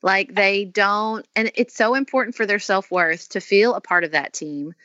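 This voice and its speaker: A woman hosting a podcast in casual conversation, expressive and animated as she acts out her own reactions. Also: medium pitch, normal speed. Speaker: podcast host. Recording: dry, dull lo-fi sound.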